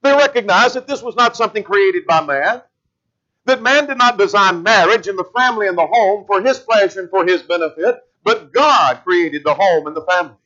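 A man delivers a sermon in a steady, teaching manner, leaning on each verse as he goes. His voice sits high and sounds bright and forward. The recording is somewhat muffled and lo-fi. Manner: measured teaching, slowing to stress scripture verses. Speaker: preacher.

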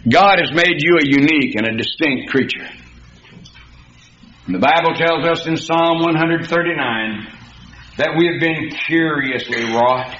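A preacher delivers a folksy sermon, his bright and somewhat high voice climbing to emphatic peaks. The recording is muffled and carries the echo of a church hall with faint noise. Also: unhurried. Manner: folksy, storytelling, rising to emphatic. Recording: dull, echoey hall recording.

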